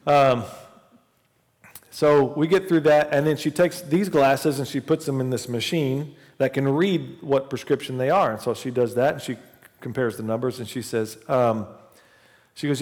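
A man's voice: mid-range voice, steady tone, normal speed, darkish tone, big-room sound. A man in his forties preaching a sermon in church as the pastor, telling a casual personal story before building to fervent preaching. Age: 40s. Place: church sanctuary.

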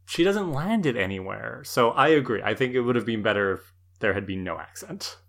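Lively man in casual chat. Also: mid-range voice, a little fast, vocal fry. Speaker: podcast co-host.

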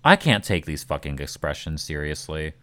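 A man's voice: a bass voice, sing-song, normal speed, a bit bright, no room sound. A man co-hosting a podcast in casual chat, blunt and critical, swearing freely and wandering into asides. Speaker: podcast co-host.

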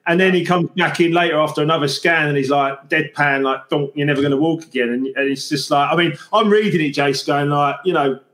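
A man's voice: fairly high pitch, fairly even intonation, fairly quick, hardly any pauses, a bit bright. Rambling male interviewer in echoey room. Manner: rambling, filler-heavy questions. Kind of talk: podcast interview.

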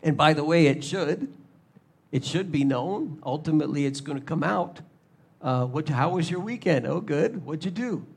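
A man preaching a sermon, animated, acting out little scenes in shifting voices. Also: a little high, normal speed, creaky, breathy edge. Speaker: pastor.

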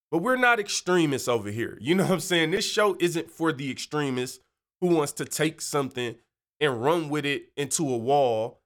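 In his laid-back faith podcast, the host rambles off on tangents, talks in slang, and jokingly slips into silly voices. His pitch is on the high side and his tone fairly bright.

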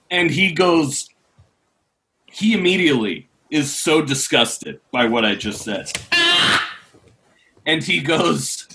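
A man telling a long, animated story on a podcast, laughing often as he goes. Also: a little high, takes it slowly, long pauses, background noise. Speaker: podcast co-host. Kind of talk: casual storytelling.

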